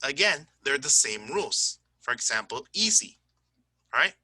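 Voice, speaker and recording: A man teaching an English grammar lesson in a chatty, joking way. He keeps checking understanding with "right?" and "okay?" and slows down to spell out word endings. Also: mid-range voice, very animated, bright, forceful tone, no echo. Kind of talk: recorded online grammar lesson.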